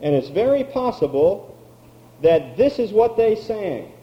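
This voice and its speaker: A man preaching a sermon, slow and emphatic, drawing out key words. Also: high voice, sing-song, lo-fi sound. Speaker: pastor.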